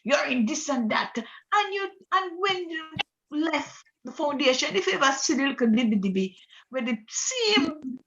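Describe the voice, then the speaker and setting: Bright, lively woman affirming. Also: sits high. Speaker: study group member. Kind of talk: religious group discussion.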